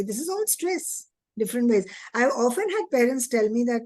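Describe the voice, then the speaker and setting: A woman's voice: on the high side, animated, normal speed, darkish tone, no echo. Earnest woman teacher trainer. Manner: earnest, asks rhetorical questions, acts out child and teacher voices. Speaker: early childhood education trainer.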